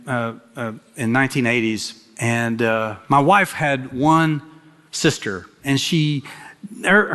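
A middle-aged man from Kentucky preaching a sermon, swinging from loud emphatic exhortation to slow hushed phrases, with folksy jokes for the congregation. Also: mid-range voice. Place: large church sanctuary. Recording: long hall reverb from a church sanctuary.

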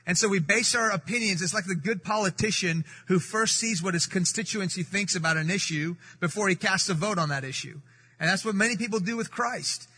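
A high, bright-voiced man from the Middle East preaching with emphatic repetition. His tone is slightly husky, and the church hall gives him a long reverb. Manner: emphatic, repeats key phrases, slows for scripture. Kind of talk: sermon. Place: church sanctuary.

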